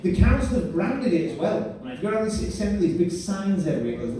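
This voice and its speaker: A man's voice: high voice, lively intonation, quick pace, few pauses, mellow, slight background noise. A man compering a live stand-up show, chatty and quizzing the crowd. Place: comedy venue. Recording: echoey room, voice far from mic.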